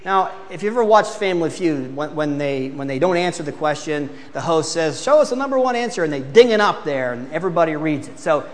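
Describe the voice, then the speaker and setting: A man's voice: on the high side, fairly quick, hardly any pauses, in a large hall. A man preaching a sermon, asking the congregation to read aloud and acting out excuses in mock voices.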